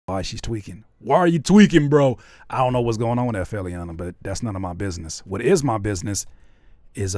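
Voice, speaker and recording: A young man, a rapper and producer, chatting loosely in slang while making a beat, playful and quick to laugh. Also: medium pitch, a little mellow, no echo, clean studio sound. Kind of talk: casual chat while making a beat live.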